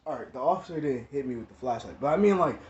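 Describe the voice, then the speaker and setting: A man's voice: mid-range voice, lively intonation, fast. A man telling a story about his past in slangy, casual speech, often repeating himself. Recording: echoey room, dull lo-fi sound.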